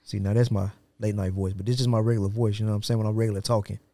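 A man co-hosting a podcast in casual chat, slangy and quick to joke and laugh. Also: lowish voice, level tone, warm tone, no echo. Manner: joking, laughs often, slangy. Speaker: podcast co-host. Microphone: studio podcast mic.

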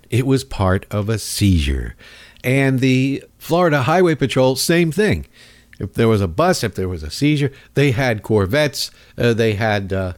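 Male host, furious sarcastic rant, pitch swinging wildly, dry close sound. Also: no echo. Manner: angry, sarcastic, mocking. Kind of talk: ranting political commentary.

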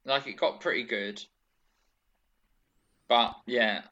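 A man co-hosting a casual wrestling podcast, chatty and rambling with quick asides. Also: mid-range voice, sharp tone. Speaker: podcast co-host. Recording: dull lo-fi sound.

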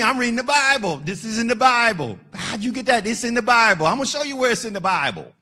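A man preaching a sermon as pastor, animated and joking with the congregation, shouting at times for emphasis. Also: sits high, fairly quick, creaky, few pauses, husky.

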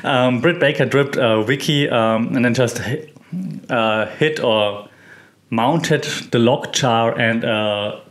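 A man talks through a weekly recap in a relaxed, unscripted way. His voice sits at an ordinary middle pitch. He wanders through his points with frequent fillers and self-corrections. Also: slow. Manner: relaxed, rambling, many fillers and restarts. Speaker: host. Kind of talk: casual recap chat.

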